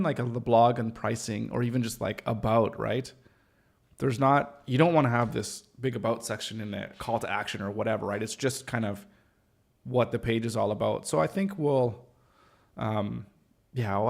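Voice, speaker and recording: A Canadian man with a gravelly, creaky edge and a middle-of-the-road pitch talks through his design work in a loose, rambling way. He fills gaps with ums and likes, and keeps it casual like a host chatting with a co-host. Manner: rambling and loose, many fillers, laughs at himself. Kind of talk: casual chat while working on screen.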